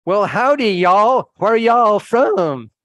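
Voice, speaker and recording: A man's voice: sits high, sing-song, takes it slowly, fairly bright tone, no echo, clean studio sound, pitched above the performer's own voice, full character voice. A man mimicking a young Texan man in cowboy boots, with a drawling Texas accent and an overly friendly greeting. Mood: breezy.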